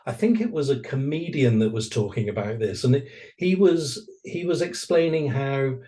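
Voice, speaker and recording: A man hosting a conversational interview, telling anecdotes with animation and slipping into little acted-out voices. His pitch sits in the middle of the usual range for men. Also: normal speed. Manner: animated storyteller, acts out quoted voices. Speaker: podcast host.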